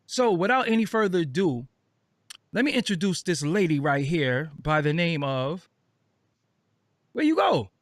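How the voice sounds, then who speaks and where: Tired, raspy-voiced male host. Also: moderate pace, no echo. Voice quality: raspy, deeper than usual. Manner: loose, rambling, lots of fillers and repeats. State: tired, just woke up. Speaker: interview show host. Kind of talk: casual interview chat.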